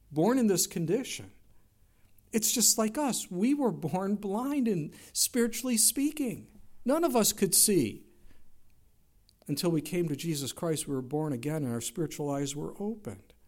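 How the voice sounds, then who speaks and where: Male pastor, fairly high-pitched, emphatic sermon delivery with rhetorical questions. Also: a little mellow. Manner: emphatic preaching with rising exclamations and rhetorical questions.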